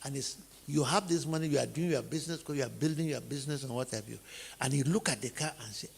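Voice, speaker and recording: A man's voice: medium pitch, fast, vocal fry, big-room sound, slight background noise. A man with a Nigerian accent, teaching in sermon style and driving his points home with rhetorical questions and repeated phrases. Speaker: teacher preaching on family life.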